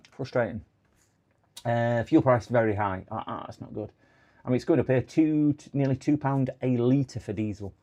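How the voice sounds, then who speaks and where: A man's voice: medium pitch, normal speed, mellow. A middle-aged man hosting a casual live stream, chatting in a rambling way that often slides into exasperated rants. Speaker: livestream host.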